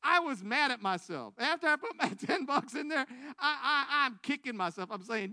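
A man preaching a testimony sermon to a congregation, telling his story with laughs and self-mockery, swinging between loud excited bursts and quiet low asides. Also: fairly quick, hardly any pauses, no echo. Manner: animated, self-mocking, laughing through the story.

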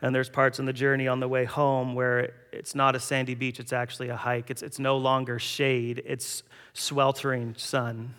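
A man's voice: mid-range voice, completely flat delivery, moderate pace, a bit bright, in a large hall. A man preaching a sermon, telling a story and acting out the voices in it. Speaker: pastor.

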